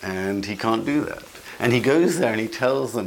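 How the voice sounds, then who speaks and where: A man giving conversational commentary as an interview guest, halting with frequent restarts and repeated words. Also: fairly low pitch, animated.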